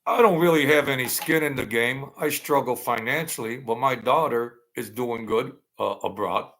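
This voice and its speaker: A middle-aged man with a gravelly voice, ranting angrily and profanely in a rambling political monologue. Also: mid-range voice, normal speed. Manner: angry, profane, rambling rant with sudden loud outbursts. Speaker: political commentary vlogger.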